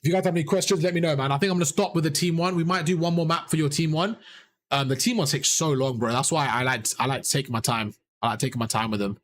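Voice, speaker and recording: A young man coaching players and chat through a live game review, excited and rapid, his voice worn out. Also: on the high side. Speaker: esports coach and streamer. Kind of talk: live VOD review commentary.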